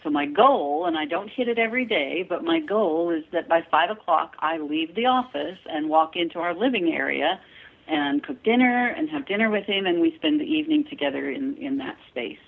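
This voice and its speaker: A woman's voice: deep voice, expressive, normal speed, creaky. A woman guest chatting in an interview, telling stories in a chatty way and laughing often. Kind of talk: casual interview chat. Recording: tinny phone line.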